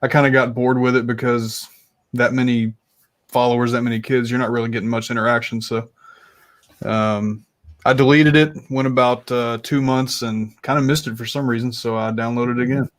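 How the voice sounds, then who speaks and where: Male interview guest, casual, unhurried and plain-spoken, mid-pitched. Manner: relaxed and plain-spoken, with some hesitation.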